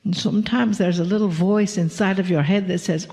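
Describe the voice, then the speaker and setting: A woman delivering a channeled spiritual message to an audience, speaking slowly and gently, playful at times and often dropping to a whisper. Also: lowish voice, big-room sound.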